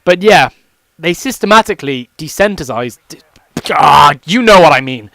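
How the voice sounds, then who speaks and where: A young man talks in a loose, rambling way, swearing freely as he commentates his gameplay. His voice sits a little high for a man. The sound is close and dry, with no room echo. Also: expressive, normal speed, gravelly, pushed and bright. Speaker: gaming commentator.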